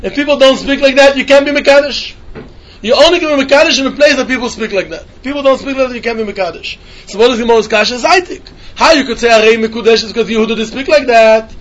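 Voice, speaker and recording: Fast-talking male Talmud teacher, singsong back-and-forth reasoning. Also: very high-pitched, a bit bright, dull audio. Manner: sing-song questioning, repeats phrases, mixes Yiddish and Hebrew terms. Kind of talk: yeshiva-style Talmud lesson.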